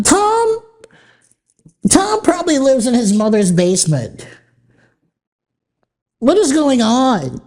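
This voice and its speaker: A woman hosts a podcast and rants bluntly with plenty of profanity and mocking laughter. Her voice is dark and mellow and sits a little high for a woman. She talks slowly and deliberately. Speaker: podcast host. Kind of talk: casual ranting monologue.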